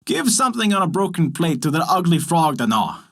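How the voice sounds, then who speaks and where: Man doing a gruff, weary peasant father. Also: a little high, very animated, a little fast. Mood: grudging.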